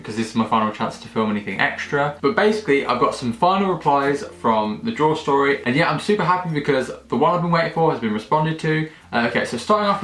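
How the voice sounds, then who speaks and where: A young man vlogging in a casual, jokey, excitable way, swearing freely. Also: fairly high pitch. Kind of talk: casual direct-to-camera chat. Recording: echoey room, faint music.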